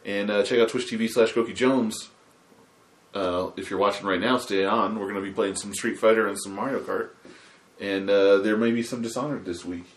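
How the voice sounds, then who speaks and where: A man's voice: fairly low pitch, steady tone, fairly quick, roomy sound. A man hosting a casual gaming podcast, chatting loosely and plugging the show. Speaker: podcast host.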